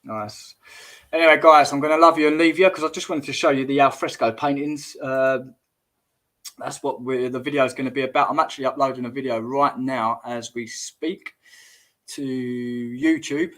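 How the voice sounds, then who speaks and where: A man chats casually through a livestream, reading viewer comments and laughing them off. His voice sits at a middling pitch and he keeps it matey and informal. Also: steady tone, brisk, fairly bright tone. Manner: chatty and jokey, says mate, laughs at chat comments. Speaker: YouTube livestream host. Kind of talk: casual live-stream chat.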